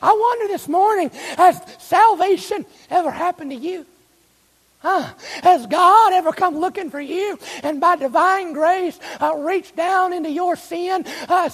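Male preacher with a high, raspy voice, emphatic, questioning the pews, long church reverb. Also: fairly bright tone. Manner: slows and stretches key phrases. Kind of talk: sermon. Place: church sanctuary.

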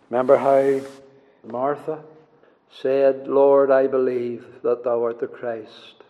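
A man preaching a sermon, building to loud, emphatic passages and then falling very soft, with slow, deliberate delivery and scripture quotations. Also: on the high side. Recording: dull lo-fi sound with long hall reverb.

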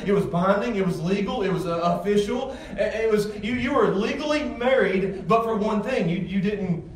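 High-voiced man preaching in echoey church. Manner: conversational, emphatic preaching with repeated restarts. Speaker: pastor. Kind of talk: sermon. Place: church sanctuary with congregation. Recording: echoey room, far from mic, faint ambience.

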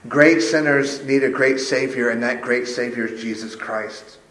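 Guy preaching a sermon, punchy and repeats himself for emphasis, middle pitch, echoey sound. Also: moderate pace, a bit bright. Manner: emphatic, repeats phrases for stress. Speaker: pastor. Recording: roomy echo.

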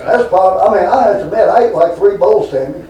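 A man preaches in a folksy, rambling way, telling homespun stories and turning to his listeners with asides. His voice sits high for a man. He sounds a little off mic, in a roomy, echoing hall. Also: lively intonation, fast talker, warm tone, far from the mic. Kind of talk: folksy storytelling sermon.

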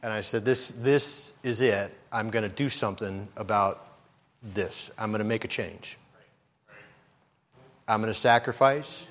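A middle-aged male pastor preaching a sermon, swinging from low, earnest talk up to loud, impassioned outbursts. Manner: preacherly, rises to loud impassioned shouts when quoting.

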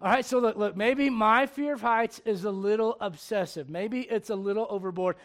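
A man in his forties preaching a sermon. He moves from loud urging to quiet confiding. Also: high-pitched, moderate pace. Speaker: pastor.

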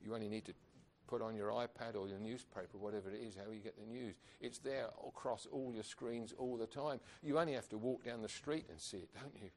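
A man's voice: lowish voice, fairly quick, hardly any pauses, darkish tone, a little hiss or hum. A man preaching a sermon, earnest and emphatic, asking rhetorical questions of his congregation.

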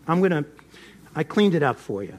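A middle-aged pastor preaching a sermon, swinging between loud emphasis and soft asides. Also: male voice, fairly high pitch, very animated, fairly quick.

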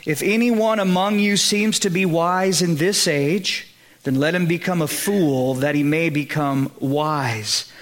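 A man's voice: fairly high pitch, slow. A man with a Southern US accent preaching a sermon in a conversational way, often checking in with his listeners and rising to emphatic peaks. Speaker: pastor.

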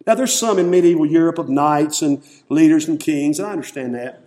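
A man preaching an emotional sermon in a church, swinging from loud calls to hushed, tender lines. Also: a little high, a little fast. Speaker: pastor. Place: church sanctuary.

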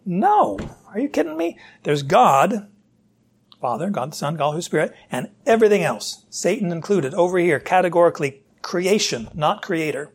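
A man's voice: sits high, lively intonation, normal speed, slightly rough. A man preaching a sermon, asking rhetorical questions and voicing God's challenges to his listeners. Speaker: pastor.

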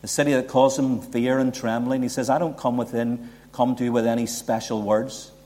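A man's voice: medium pitch, level tone, moderate pace, dark tone. A man preaching a sermon, building emphasis and asking rhetorical questions. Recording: long hall reverb.

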